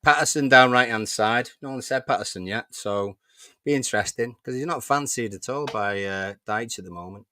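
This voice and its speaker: A man co-hosting a football fan chat, reading out predicted lineups in a relaxed, stop-start way. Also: mid-range voice, normal speed, dry recording. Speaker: podcast co-host.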